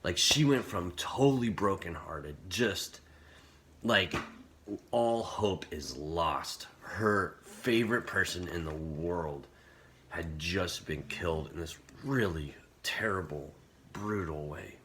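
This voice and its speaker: A man's voice: low-pitched, slow pace, a bit bright, a little hiss or hum. A man giving a casual, earnest youth sermon, talking conversationally with many "like" fillers. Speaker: camp speaker.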